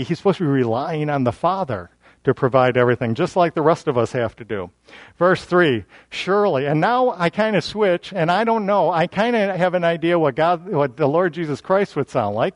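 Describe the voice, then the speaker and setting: A man preaches a verse-by-verse sermon in a relaxed, conversational manner, often breaking off and restarting his sentences. His voice sits a little higher than most men's. The recording is dry and close, with almost no room sound. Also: no echo. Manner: conversational, self-deprecating, frequent restarts. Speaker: Bible teacher.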